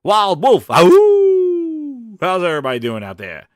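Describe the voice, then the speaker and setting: A man hosting a casual live stream, hyped and shouting out viewers, his voice hoarse after a long day. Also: a little high, big pitch swings, normal speed, no echo, studio quality. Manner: hyped, shouts out chat names.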